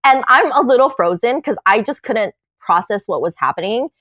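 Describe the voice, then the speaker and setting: A woman on a podcast telling her own story in casual chat, animated and swearing, acting out what people said. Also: on the high side, moderate pace, dry recording. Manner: animated, swearing, acts out quotes.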